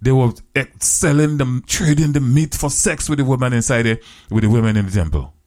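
A man preaching a storytelling sermon in plain, creole-flavored English. His voice sits at an ordinary middle pitch. He circles back on phrases and stretches out the scripture lines slowly. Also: a little mellow. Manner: drops to slow, drawn-out words for scripture quotes.

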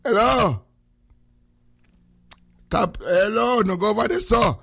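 A man's voice: high voice, slow, vocal fry, a bit bright, husky, no echo. A man with a Jamaican accent hosting a casual morning radio show, joking in heavy patois and greeting listeners. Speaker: radio host.

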